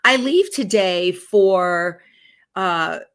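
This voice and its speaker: A woman's voice: lowish voice, lively intonation, drawn-out words, a bit bright. A woman hosting a live sewing stream, chatting casually and reading viewer comments aloud. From Texas. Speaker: host of a live sewing show.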